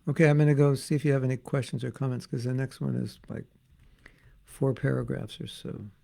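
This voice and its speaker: A man's voice: mid-range voice, level tone, a little fast, gravelly, dark tone. An older man giving an informal spiritual class online, joking and reading viewer comments aloud. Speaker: spiritual teacher.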